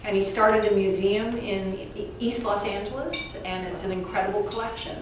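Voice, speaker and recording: A woman's voice: medium pitch, normal speed. A woman author telling humorous stories as a guest at a live event, acting out bits of dialogue. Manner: animated, humorous, acts out dialogue. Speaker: author and speaker, interview guest. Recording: echoey room, distant mic, faint background noise.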